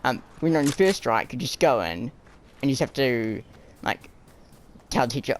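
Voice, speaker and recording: A man's voice: moderate pace, a little hiss or hum, rough recording. A young man telling stories from his school days in a casual, rambling way, full of fillers, acting out the people he quotes. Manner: animated, jumps high and low for quoted people. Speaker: storyteller. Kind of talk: casual storytime narration.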